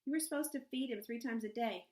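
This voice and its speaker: A woman's voice: on the high side, fast talker, roomy sound, voice pushed up, lightly acted. Woman voicing a fierce, insistent young girl. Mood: shouting. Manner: insistent, demanding, rising to shouts.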